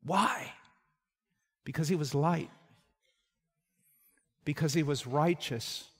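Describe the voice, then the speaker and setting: A man in his sixties preaching a sermon, moving between forceful emphasis and hushed tones and repeating his key phrases. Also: on the high side, slow pace, slightly rough. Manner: dramatic swings from loud emphasis to hushed tones. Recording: long hall reverb.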